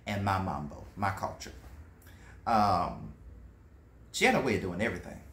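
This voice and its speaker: A man's voice: low-pitched, fairly bright tone, slight background noise. Rambling man in an echoey room. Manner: rambling and emphatic, with many fillers. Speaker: food vlogger. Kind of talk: casual reminiscing monologue.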